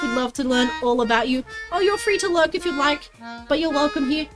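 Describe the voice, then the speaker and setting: A woman's voice: sits high, brisk, music in the background. A woman livestreaming while she crafts, chatting to viewers in a bubbly, playful way and often singing or laughing. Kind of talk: casual live-stream chat while crafting.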